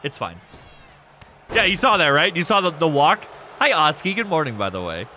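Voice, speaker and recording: Excitable, bright-voiced male streamer. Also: on the high side, normal speed, slight background noise. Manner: excitable, laughing, swearing, shouts during action. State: stuffy nose. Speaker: streamer commentating a wrestling game. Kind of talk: casual livestream commentary.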